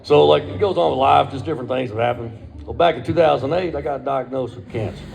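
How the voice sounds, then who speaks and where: A man's voice: medium pitch, quick pace, vocal fry, darkish tone, soft background music. A middle-aged man, telling a crude, profane personal story in a laid-back way.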